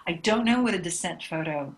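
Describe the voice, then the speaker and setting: A woman's voice: lowish voice, animated, a little fast. A woman co-hosting a podcast in casual, chatty talk, laughing often. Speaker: podcast co-host. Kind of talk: casual chat.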